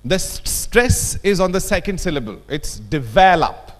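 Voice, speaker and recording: A man's voice: high voice, expressive, normal speed. A man with an Indian English accent leading a workshop, talking emphatically and often checking in with his audience. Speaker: workshop trainer. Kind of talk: lecture workshop. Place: conference hall.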